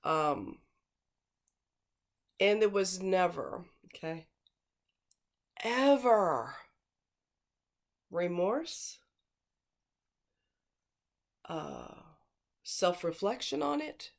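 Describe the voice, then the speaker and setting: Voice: medium pitch, lively intonation, slow pace, creaky, long pauses. Blunt, scornful commentator; rambles, hammers points home by repeating words, ordinary mid-range voice. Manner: emphatic, repeats words for stress; rambling, with digressions and fillers. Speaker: true-crime commentator. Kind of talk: casual spoken commentary.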